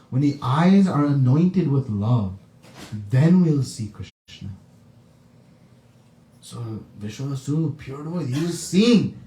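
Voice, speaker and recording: A man preaching a devotional class, telling a story and acting out the characters with high, crying calls. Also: warm tone. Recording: echoey room, distant mic.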